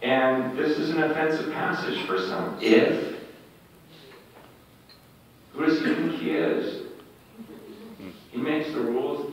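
A man preaching at a prayer breakfast, telling stories with animated delivery that swings between loud and hushed. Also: on the high side, takes it slowly, pauses often, a little hiss or hum. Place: large hall. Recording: echoey hall, distant dull mic.

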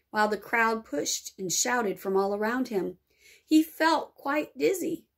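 A woman teacher reading a children's novel aloud, expressive and lingering over words. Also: high-pitched.

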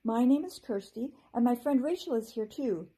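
A woman's voice: a little high, moderate pace, breathy edge, pitched above the performer's own voice. Woman doing an eager young girl, Kirsty. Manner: lively and encouraging. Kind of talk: storybook reading aloud.

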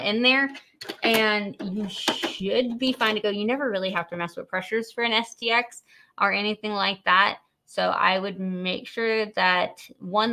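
Upbeat, bright-voiced woman hosting a live stream. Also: medium pitch, gravelly. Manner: chatty and upbeat, reads viewer questions aloud and laughs often. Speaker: host of a live product demo.

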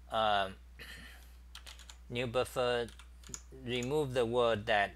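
A middle-aged man hosts a casual live stream, thinking aloud with plenty of fillers and restarts. His voice sits a little low but sounds bright and forward. He talks slowly, with keyboard typing behind him. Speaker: talk show host.

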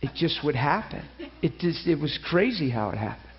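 Middle-aged guy preaching his testimony, kinda high voice, muffled lo-fi church recording, lots of restarts. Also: moderate pace. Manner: storytelling, animated quoting with many restarts. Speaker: pastor. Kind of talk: sermon testimony.

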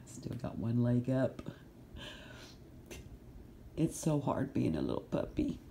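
A woman's voice: rumbling low, very animated, takes it slowly, creaky, long pauses, warm tone, slight background noise. A woman in a casual home video, talking to her dog in a coaxing, amused, playful way. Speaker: pet rescue vlogger.

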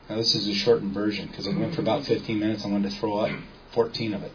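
A man's voice: fairly low pitch, flat delivery, quick pace. A man giving a casual lecture to a small audience, telling stories and quoting people in dialogue while quizzing the listeners. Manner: storytelling, quotes people in dialogue, asks the audience questions. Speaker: seminar speaker. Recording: dull lo-fi recording with faint background noise.

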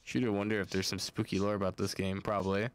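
A man streaming a video game, talking casually in an excitable, profane way. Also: lowish voice, clear, resonant tone. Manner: excitable and profane, quick to swear. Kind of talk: casual gaming commentary.

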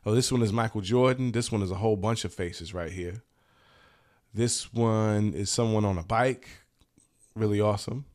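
A man hosting a channel for t-shirt sellers, talking casually and enthusiastically, in a relaxed, slangy way with plenty of swearing. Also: on the low side, normal speed. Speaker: host of a t-shirt business channel. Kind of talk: casual talk showing shirt designs.

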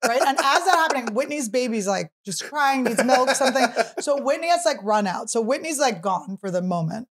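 A somewhat high-voiced woman in her thirties hosts a podcast. She tells a story in quick casual chat, full of "like" fillers. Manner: animated storytelling with many "like" fillers. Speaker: podcast host.

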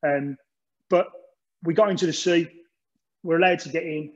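A man's voice: fairly high pitch, steady tone, normal speed. A man from England giving an informal talk about an endurance relay, rambling with many restarts and ums. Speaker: speaker recounting an endurance relay. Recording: dull lo-fi recording.

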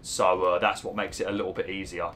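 A man's voice: deep voice, little pitch movement, fairly quick, fairly bright tone, a little hiss or hum. A man giving rambling, casual commentary over a video game, swearing and laughing easily. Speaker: gaming YouTuber.

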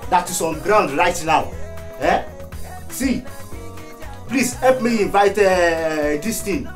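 An actor playing a boastful man who brags about money and wheedles favors. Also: sits high. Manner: showy, wheedling. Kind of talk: film comedy acting.

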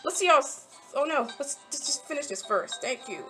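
A woman's voice: high-pitched, animated, a little fast, music in the background. Rambling young woman playing phone games. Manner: rambling, talks to game characters, easily frustrated. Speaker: mobile game channel host. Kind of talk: casual gameplay commentary.

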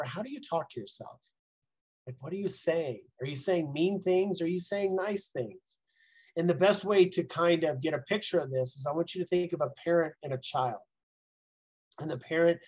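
A man's voice: fairly high pitch, husky, rough recording. A middle-aged man, a mindset coach, giving a casual, rambling talk from home, full of "like" and "right?". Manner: conversational, rambling, frequent "right?" and "like".

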